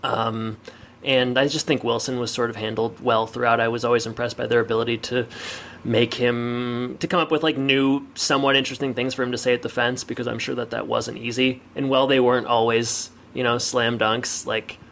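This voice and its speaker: A man's voice: medium pitch, flat delivery, brisk, a bit bright, a little hiss or hum. A man co-hosting a podcast in casual chat, rambling with lots of filler words. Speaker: podcast co-host.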